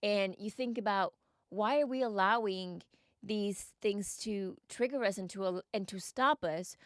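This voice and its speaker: A woman's voice: medium pitch, a little slow, no room sound, clean studio sound. A woman hosting a podcast and talking straight to her listeners in an earnest, encouraging way, often putting questions to them. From United States. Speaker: podcast host and mindset coach. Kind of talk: reflective podcast monologue.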